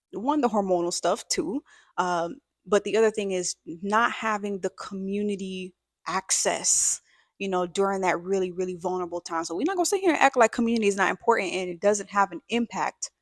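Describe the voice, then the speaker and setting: A woman's voice: medium pitch, no echo, clean studio sound. A woman who is a mother, hosting a casual vlog, talking in an emphatic, conversational, slangy way. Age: adult, a mother. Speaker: video host.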